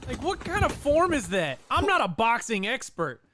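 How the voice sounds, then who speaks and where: A man on a casual sports podcast talks in a sarcastic, incredulous way. His voice is high, and his pitch swings widely. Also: wildly swooping pitch, moderate pace, background noise. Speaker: podcast co-host.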